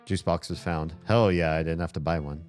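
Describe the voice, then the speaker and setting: A man's voice: low-pitched, fairly even intonation, a little fast, a little mellow. A man streaming a game, chatting casually and rambling aloud with plenty of fillers, with faint game music behind him. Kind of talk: casual gameplay commentary chat.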